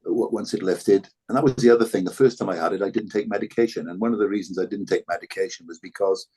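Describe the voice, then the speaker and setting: A man's voice: low-pitched, quick pace, warm tone, slightly rough. An older Welsh man, a former rugby fullback, talking reflectively as a podcast guest, often repeating words and restarting. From Wales. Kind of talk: reflective interview talk.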